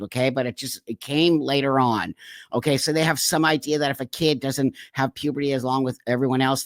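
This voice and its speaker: A man's voice: medium pitch, a bit bright, dry recording, studio quality. A man hosting his own channel, giving indignant reaction commentary on a clip and repeating points for emphasis.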